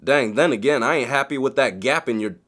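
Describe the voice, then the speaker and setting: A man hosting a video, reacting to clips with animated, joking, exclamatory commentary. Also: mid-range voice, fairly quick, music in the background. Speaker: YouTube host.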